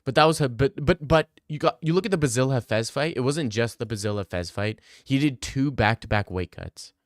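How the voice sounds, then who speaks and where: A man's voice: medium pitch, a little fast, no room sound, studio quality. A man hosting a casual livestream Q&A, arguing bluntly with chat and swearing freely. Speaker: livestream host answering chat.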